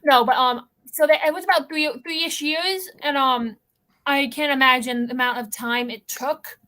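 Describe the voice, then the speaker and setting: A woman co-hosting a casual podcast chat, talking in quick, chatty asides. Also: sits high, fairly even intonation, sharp tone. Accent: non-local accent that others remark on. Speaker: co-host.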